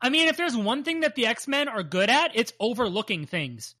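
A woman's voice: a little high, normal speed, dry recording. A woman co-hosting a podcast, recapping a cartoon episode in casual chat, swearing often and laughing. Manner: swears a lot, animated and laughing. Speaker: podcast co-host.

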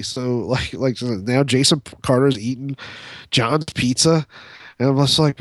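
A man's voice: medium pitch, fairly even intonation, moderate pace, dry recording, studio quality. A man co-hosting a podcast, telling a long story in a rambling, profane way, full of fillers and restarts. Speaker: podcast co-host. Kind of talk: casual storytelling chat.

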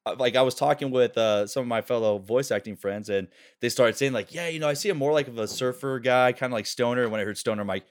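A man's voice: mid-range voice, fast, hardly any pauses. A man, a voice actor, telling stories in a casual call chat, laughing often and slipping into character voices. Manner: animated, laughing storyteller who drops into character voices. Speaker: voice actor and co-host. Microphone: home call microphone.

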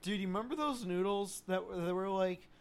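A young man in casual chat, excitable and making silly sound effects. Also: sits high, brisk, clear, resonant tone.

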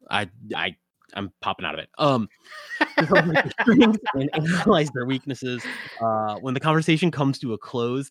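A woman's voice: low-pitched, no echo, studio quality. A woman co-hosting a comedy podcast, goofy and jokey, stumbling over words as she reads. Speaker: podcast co-host.

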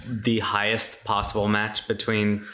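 A man's voice: fairly low pitch, monotone, measured pace, pushed and bright, reverberant. A man co-hosts a casual podcast chat. He talks in a grumbling, sardonic way. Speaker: podcast co-host.

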